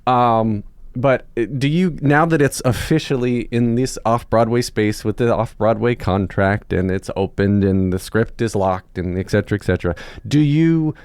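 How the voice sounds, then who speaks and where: A man's voice: medium pitch, moderate pace, darkish tone, smooth, dry recording. A man hosting a podcast, asking questions in casual, enthusiastic interview chat. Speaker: podcast host.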